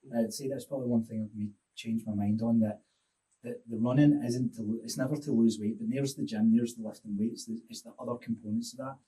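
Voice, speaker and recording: A man's voice: mid-range voice, fairly even intonation, quick pace, dark tone, recorded from a distance, poor audio. A man, a fitness coach and podcast guest, telling stories in a reflective, rambling way. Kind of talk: casual podcast chat.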